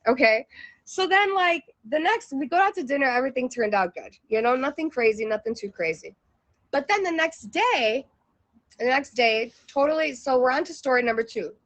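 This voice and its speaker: A woman's voice: high-pitched, expressive, moderate pace, a bit bright. A woman telling a personal travel story in a casual, chatty way, full of fillers and restarts.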